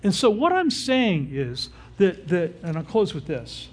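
Husky-voiced older male preacher. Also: high-pitched, huge pitch swings, a little slow. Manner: informal, often checks in with the audience. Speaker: pastor. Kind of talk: conversational sermon.

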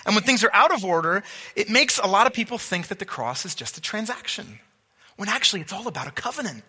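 A man gives an expressive, fast sermon, his high, strained voice bright and sharp with a breathy edge. Earnestly repeating words and asking whether his audience is following, he's heard through the lingering echo of a large hall.

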